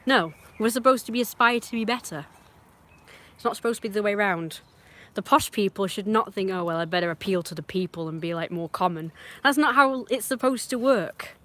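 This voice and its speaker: A woman's voice: medium pitch, a bit bright. A woman from northern England with a northern English accent, giving an opinionated, emphatic monologue on a livestream. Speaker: livestream host.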